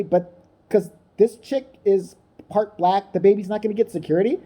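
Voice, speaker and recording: A woman's voice: medium pitch, fairly quick, mellow. A woman ranting in a crude, mocking comedic style, acting out the people she talks about. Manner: crude, mocking, acts out voices. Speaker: comedic commentator. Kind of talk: profane comedic rant.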